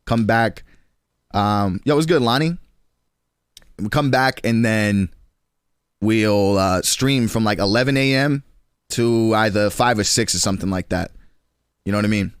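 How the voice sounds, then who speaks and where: A man's voice: fairly low pitch, smooth, no echo. Young man, casual stream chatter, slangy, dry close mic. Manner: rambling, slangy, quick restarts.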